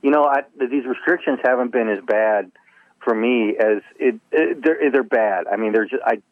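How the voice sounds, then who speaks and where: Fishing guest on a tinny phone line. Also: male voice, medium pitch, moderate pace, no room sound. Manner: earnest, explanatory, restarts often. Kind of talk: phone-in radio interview. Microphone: telephone.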